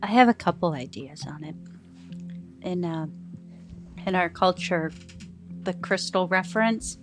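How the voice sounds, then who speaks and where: Woman, player, low pitch, thoughtful, music behind. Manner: thoughtful, explains her character's culture. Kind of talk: playing a tabletop game.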